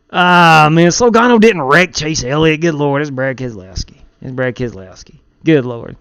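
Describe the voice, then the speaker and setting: A man's voice: on the high side, lively intonation, a little fast, hardly any pauses, fairly bright tone, clean tone, dry recording. A man streaming a sim race live, chatting casually and greeting viewers by name as he drives. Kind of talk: live stream commentary while racing.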